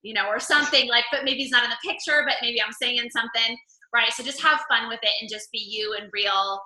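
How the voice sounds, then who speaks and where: A woman coaching a group in casual talk, chatty and animated, telling stories full of "like". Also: on the high side, fast talker, reverberant, poor audio. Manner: chatty, animated storytelling with lots of "like". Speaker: fitness coach leading a group call.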